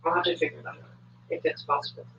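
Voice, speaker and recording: A woman streamer chatting casually on a home livestream, loose and full of fillers, cursing freely. Her voice is bright and a bit sharp. She sits back from the mic in an echoey room, and the audio sounds dull and thin. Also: quick pace, distant mic, a little hiss or hum. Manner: chatty, swears, many fillers. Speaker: livestream commentator. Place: home, moves between desk and kitchen. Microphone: desk microphone, at times far from it.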